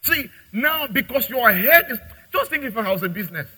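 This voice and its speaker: A man preaches in a lively way, breaking into acted scenes between parents, children and customers. His voice is bright and cutting, pitched fairly high, with a husky edge. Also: moderate pace, low-quality recording. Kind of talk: sermon with acted dialogue.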